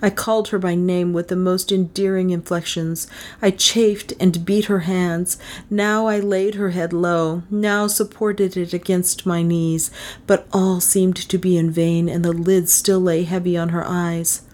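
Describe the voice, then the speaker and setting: An audiobook narrator, a woman, reads from a classic novel with a voice on the low side. She tells it in an even, measured manner.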